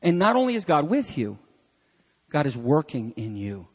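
Animated high-voiced preacher in a reverberant hall. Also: male voice, moderate pace, husky. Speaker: pastor. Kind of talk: sermon.

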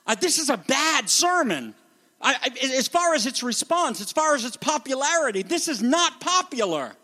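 High-pitched male pastor, emphatic and dramatic, preaching a teaching sermon. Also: big pitch swings, moderate pace, pushed and bright. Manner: emphatic, dramatic teaching that acts out quoted voices. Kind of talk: expository sermon.

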